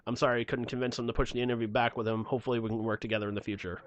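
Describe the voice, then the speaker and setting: A man co-hosting a casual podcast chat, laughing often, clearing his throat and trailing off as he reads. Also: medium pitch, level tone, very fast, no room sound, lo-fi sound. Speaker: podcast co-host.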